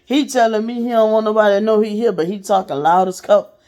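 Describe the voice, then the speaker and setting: A woman's voice: mid-range voice, steady tone, fast, mellow. A woman casually telling a personal story to her viewers, in a blunt, profane way. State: sick. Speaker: vlogger.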